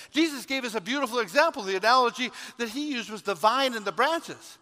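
Fiery high-voiced preacher, ringing hall. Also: male voice, animated, fairly quick, hardly any pauses. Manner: storytelling that builds to shouted preaching. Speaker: pastor. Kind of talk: sermon. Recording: long hall reverb.

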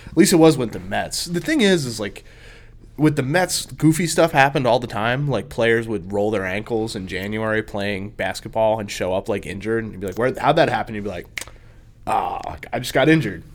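A man's voice: lowish voice, moderate pace. A young man co-hosting a podcast in casual chat, joking and telling stories with animation. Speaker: podcast co-host.

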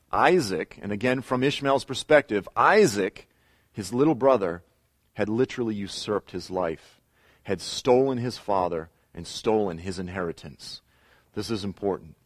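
A middle-aged man with a lowish voice gives a Bible lesson. He retells the scripture story with pauses and emphatic repeats. The sound is close and dry, with no room echo. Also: animated. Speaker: Bible teacher. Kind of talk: teaching lecture.

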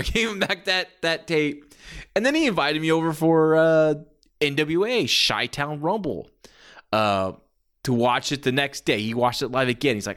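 With a mid-range, fairly bright voice, a podcast host in his forties tells stories casually. He rambles enthusiastically and leans on lots of fillers throughout his monologue.

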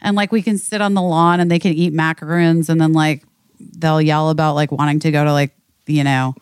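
A woman's voice: sits low, level tone, fairly quick, darkish tone, clean tone, dry recording, studio quality. A woman in her thirties co-hosting a candid casual chat, rambling and emotional, and swearing freely. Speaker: podcast co-host.

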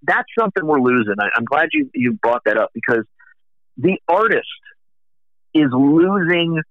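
A man's voice: a little high, sing-song, normal speed, no echo. A middle-aged man in casual conversation about the music business, telling long rambling anecdotes. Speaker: music industry guest. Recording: dull dry lo-fi recording.

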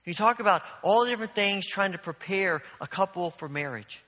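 High-voiced, bright male pastor preaching. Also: expressive, a little fast, big-room sound. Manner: earnest, storytelling, with frequent restarts. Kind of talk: sermon.

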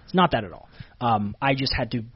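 A man's voice: medium pitch, fairly quick, breathy edge, dull audio. A man from Canada, a pro wrestler telling stories in a casual interview, full of fillers and restarts. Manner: animated storyteller, many fillers and restarts.

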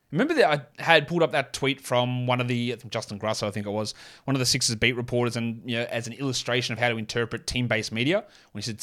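A man's voice: mid-range voice, a bit bright. Blunt sarcastic man hosting a podcast. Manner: blunt, sarcastic, swears casually. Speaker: fantasy basketball podcast host. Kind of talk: solo sports podcast with ad read.

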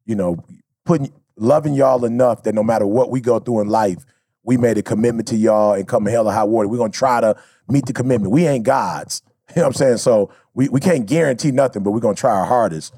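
A man's voice: mid-range voice, fast, dark tone, slightly rough, no room sound, studio quality. A man co-hosting a podcast, talking in a casual, heartfelt way. He is emphatic and slangy and repeats his points. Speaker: podcast co-host.

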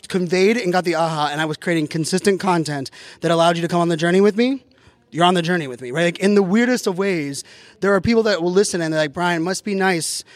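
A man's voice: sits high, dry recording. A man hosting a podcast, chatting casually at a live event, rambling with many fillers and restarts. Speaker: podcast host.

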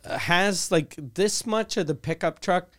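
A man's voice: sits high, measured pace. A man in a casual, profane chat with a friend, joking and ranting emphatically.

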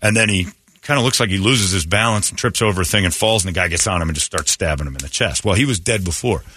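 Morning radio host, male, low-ish voice, blunt storyteller, dry booth. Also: fast, husky, dry recording. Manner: blunt, storytelling, animated retelling. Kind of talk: casual talk radio banter. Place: radio studio. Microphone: studio mic. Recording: dry close studio sound.

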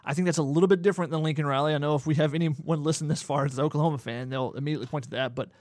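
A man's voice: fairly high pitch, steady tone, rapid-fire, a little mellow, dry recording. Blunt man podcast co-host. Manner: blunt opinions, dry jokes. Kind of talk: casual podcast banter.

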